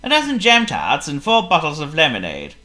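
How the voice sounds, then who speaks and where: A storyteller reading a children's picture book aloud in a lively, theatrical way. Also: medium pitch, brisk. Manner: lively, theatrical, voices every figure.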